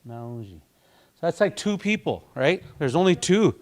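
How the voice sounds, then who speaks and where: A man's voice: on the high side, big pitch swings, normal speed. A man teaching a language class, patiently repeating words and breaking them into syllables for his students.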